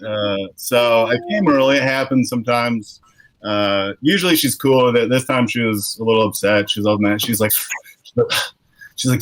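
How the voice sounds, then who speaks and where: Self-deprecating male comic, lively delivery. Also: mid-range voice, moderate pace, no room sound, low-quality recording. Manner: self-deprecating, rambling storytelling. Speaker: stand-up comedian. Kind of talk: stand-up set on a livestream.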